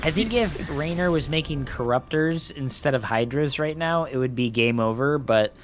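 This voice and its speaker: A man casting a competitive strategy game live, excitable and yelling at big plays, with a cough. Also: mid-range voice, moderate pace, slight background noise. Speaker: esports caster.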